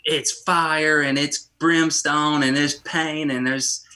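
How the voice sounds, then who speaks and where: A man co-hosting a church podcast, telling a childhood story in a lively, chatty way with many restarts. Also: a little high, slow pace. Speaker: podcast co-host. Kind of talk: casual storytelling chat.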